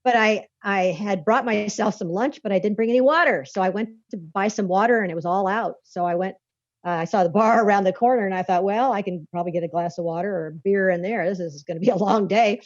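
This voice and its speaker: A woman spinning a long, rambling story in a folksy, conversational way, often laughing between phrases. Her voice sits at a middling pitch. The recording sounds dull and lo-fi, with no room echo at all. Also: quick pace. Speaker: guest author.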